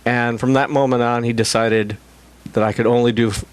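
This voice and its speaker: Wry, deadpan middle-aged actor guest. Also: male voice, medium pitch, brisk, clear, resonant tone. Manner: wry, deadpan self-mocking humor. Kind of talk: casual chat.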